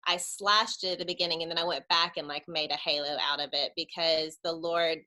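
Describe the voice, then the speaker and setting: A woman in her thirties tells a personal faith story to a church audience. Her voice is bright and clear, and she is relaxed and conversational. She laughs easily between her thoughts. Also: deep voice, brisk. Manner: chatty storyteller, laughs often. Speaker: church webinar speaker. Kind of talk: personal testimony talk.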